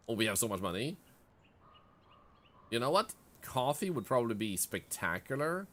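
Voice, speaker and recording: A man's voice: medium pitch, very animated, moderate pace, long pauses, a bit bright. A man streaming a video game in casual commentary, chatting and reading the game's text aloud as he plays. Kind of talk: casual let's-play commentary.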